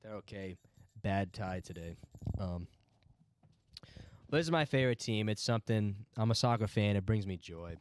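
A man's voice: on the low side, normal speed, long pauses, clean tone. A man in his twenties, co-hosting a podcast, telling a loose, profane story full of filler words. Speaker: podcast co-host. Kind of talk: casual chat.

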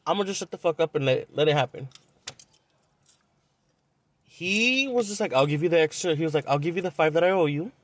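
Young man, slightly high voice, profane casual storytelling, podcast host. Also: a little fast, long pauses, fairly bright tone. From Southern California. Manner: profane, blunt, with lots of "like".

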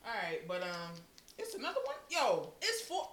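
A woman's voice: a little high, huge pitch swings, normal speed, a loud crowd. A woman co-hosting a casual chat, teasing her partner in playful banter.

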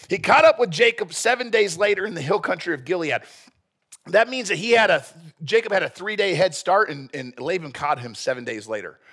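A man's voice: fairly high pitch, a bit bright, slightly rough. A male pastor preaching a sermon in a blunt, earnest, joking manner.

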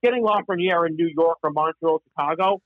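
High-voiced man in halting sports chat. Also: no room sound, phone-quality sound. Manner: halting, many restarts. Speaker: hockey podcast panelist.

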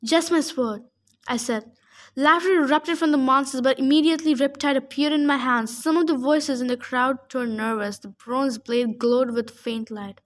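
A woman reading a novel aloud, expressive first-person narration. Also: sits high, normal speed. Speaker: audiobook reader.

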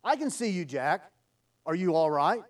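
Preacher doing God: calm, patient, steady; higher voice, mic a little far. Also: male voice, moderate pace. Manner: calm, gently instructing.

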